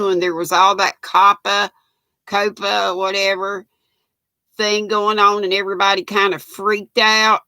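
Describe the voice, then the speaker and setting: A woman's voice: mid-range voice, bright, forceful tone, dry recording. A woman, hosting a live craft stream, chatty and folksy, greeting viewers by name and calling them honey. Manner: chatty and folksy, laughs often, calls viewers sweet and honey.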